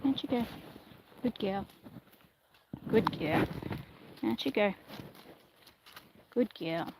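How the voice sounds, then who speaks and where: A woman livestreaming casually while she trains her miniature horse outdoors, speaking in a soft, coaxing way to the animal. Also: medium pitch, animated, slow, vocal fry. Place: outdoors in a paddock. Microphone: phone camera held in one hand. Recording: noisy outdoor phone recording.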